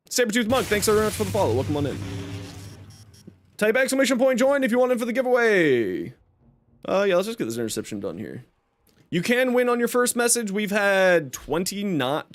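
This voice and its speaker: Talking fairly quickly in a high-pitched voice full of big pitch swings, a young man livestreams a game. His casual, upbeat chatter covers giveaway announcements and thanks to his viewers.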